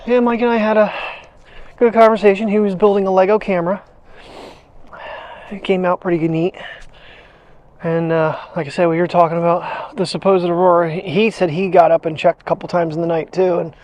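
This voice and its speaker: A man's voice: sits high, darkish tone, highs cut off. A man vlogging casually outdoors while walking his dog, rambling, chuckling and talking to the dog as he goes, on a clip-on mic. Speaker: daily vlogger. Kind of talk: casual chat. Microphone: wireless clip-on mic.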